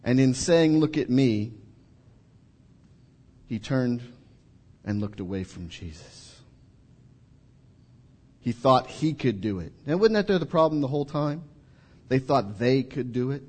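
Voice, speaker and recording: Slow, husky, storytelling preacher. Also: male voice, mid-range voice. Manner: storytelling, acting out voices, dramatic drops to quiet. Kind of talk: sermon. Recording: reverberant hall.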